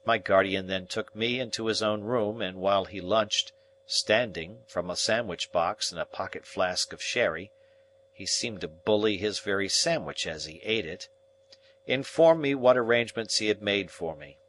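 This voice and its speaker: Low-voiced man narrating an audiobook. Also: normal speed, fairly bright tone, a little hiss or hum.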